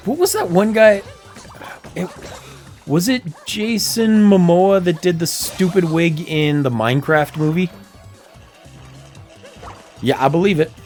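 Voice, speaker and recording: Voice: mid-range voice, unhurried, pauses often, darkish tone. A streamer chatting casually while playing a game, talking to themself and laughing often, with faint game music behind. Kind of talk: casual livestream chat while gaming.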